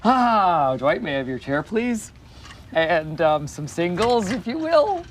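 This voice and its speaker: A man in a sitcom, an office manager talking in an excitable, giggly, nervous way. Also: high voice, slow pace, a little hiss or hum, full character voice. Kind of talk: sitcom dialogue.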